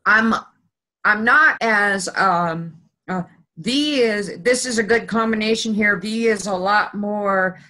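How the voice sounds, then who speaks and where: A woman hosting an interview, talking hesitantly with many pauses and restarts. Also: medium pitch, sharp tone, poor audio. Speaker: host. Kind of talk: casual interview.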